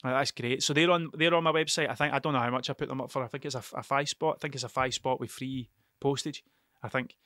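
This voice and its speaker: A man's voice: mid-range voice, steady tone, quick pace, sharp tone, no echo, clean studio sound. A young man hosting a solo podcast, telling stories in a rambling, sweary, self-interrupting way. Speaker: podcast host. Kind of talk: casual solo podcast storytelling.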